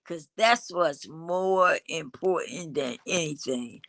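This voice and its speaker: A woman's voice: on the low side, animated, a little slow, long pauses, sharp tone, no room sound. A middle-aged woman, hosting a casual livestream in a loose, preachy way and now and then singing snatches of a song. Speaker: livestream host.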